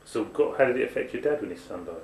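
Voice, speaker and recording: A man's voice: mid-range voice, animated, fast, a little mellow. A man interviewing his grandmother with brief, casual prompting questions. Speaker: family interviewer. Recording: echoey room, camcorder audio.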